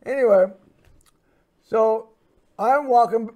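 A man's voice: very high voice, slow pace, warm tone. A man hosting a show, telling a personal story in a rambling way, full of fillers and restarts. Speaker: host.

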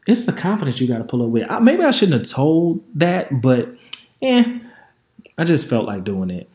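A podcast host with a higher-pitched but darkish voice, swooping wildly in pitch at a normal speed, tells a candid story in a reverberant space. He's frank and chatty, talking directly to his listeners.

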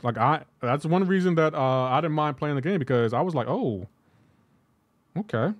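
This livestreamer talks a little fast in a fairly high voice, bantering with his viewers as he plays and leaning heavily on "like." The chat is loose and casual, and the sound has no echo.

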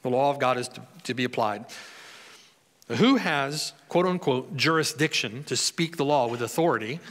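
A man's voice: mid-range voice, normal speed, fairly bright tone. A pastor giving a conversational sermon, reading scripture and putting questions to his congregation. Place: church hall. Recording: long hall reverb.

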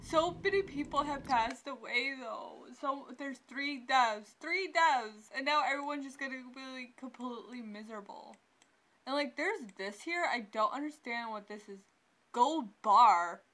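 A woman's voice: sits high, moderate pace, bright, forceful tone. A young woman giving casual let's-play commentary, chatty and exclaiming often at what happens in the game. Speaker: gameplay commentator.

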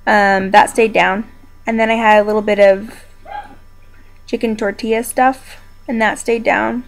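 A woman's voice: fairly high pitch, fairly even intonation, measured pace, gravelly. A young woman talking casually to her viewers from home while injured and in pain, rambling but upbeat. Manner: chatty, rambling, quietly upbeat despite pain. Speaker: video blogger. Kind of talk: casual personal vlog. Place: downstairs room at home.

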